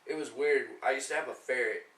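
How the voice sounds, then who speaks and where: A young man tells loose, profane stories on a casual couch podcast. His voice is bright and forward. He sits back from the mic in an echoey room with faint noise behind. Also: mid-range voice, a little fast, recorded from a distance. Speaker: podcast co-host. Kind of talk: casual chat, storytelling.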